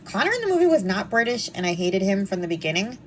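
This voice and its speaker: A woman's voice: medium pitch, big pitch swings, quick pace, slight background noise, poor audio. A young woman chatting casually and with snark as she reviews a book series, with frequent ums and asides.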